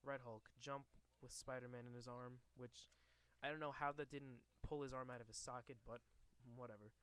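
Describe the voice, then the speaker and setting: A man reads a comic book aloud in a casual, offhand way. His voice is smooth and clear. He hesitates often and restarts words as he goes. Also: medium pitch, fairly even intonation, normal speed, fairly bright tone. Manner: hesitant, with restarts and stumbles over names. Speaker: reader recapping a comic book. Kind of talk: casual reading aloud and commentary.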